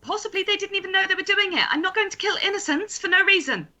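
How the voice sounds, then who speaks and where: A woman's voice: very high-pitched, quick pace, bright, forceful tone, dull audio. Insistent woman playing a tabletop game. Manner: insistent, earnest. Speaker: player. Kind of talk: casual tabletop play.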